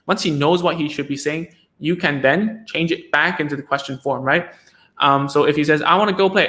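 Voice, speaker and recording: A man's voice: on the high side, fairly quick, bright, forceful tone. A man hosting a live stream as a speech therapist, talking casually with lots of restarts and tag questions like "right?" and "okay?".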